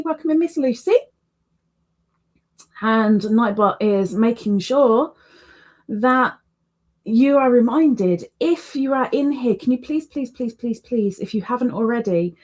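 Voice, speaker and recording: A woman hosts a relaxed, casual livestream, speaking slowly and without hurry. Her voice is a little high, and she chats freely, repeating words for emphasis.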